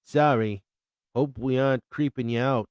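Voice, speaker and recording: A man's voice: mid-range voice, steady tone, moderate pace, darkish tone, clean tone, no room sound, pitched above the performer's own voice, natural voice. A man voicing a cheerful, talkative male friend with an upbeat, chatty manner.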